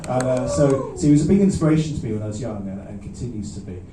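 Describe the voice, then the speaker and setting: A man, a singer-songwriter chatting between songs at a live gig in a halting, self-deprecating way, with many restarts. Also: medium pitch, lively intonation, noisy background. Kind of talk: rambling between-song stage banter. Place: small live music venue. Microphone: stage vocal mic. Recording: roomy, distant audience recording.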